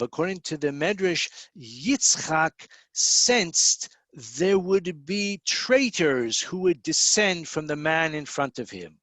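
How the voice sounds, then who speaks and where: An American man, perhaps middle-aged, giving a recorded Torah lecture, explaining patiently, spelling out terms and pausing with fillers. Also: fairly high pitch, fairly bright tone, no room sound. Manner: explanatory, spells out words, many fillers and restarts.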